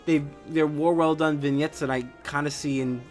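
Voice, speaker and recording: A man runs a solo podcast, talking casually in a scornful, cursing rant that is full of filler sounds. His voice sits a little higher than most men's, and faint music plays quietly behind him. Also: steady tone, normal speed. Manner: profane, scornful ranting with frequent fillers. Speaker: wrestling podcast host.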